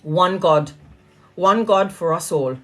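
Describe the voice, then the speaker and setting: A woman's voice: on the low side, slow pace, soft background music. A woman talks to her viewers about spirit and the present moment. She is earnest and a little preachy, with easy laughs between her points. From Brazilian heritage. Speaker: spiritual speaker. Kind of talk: casual spiritual talk to viewers.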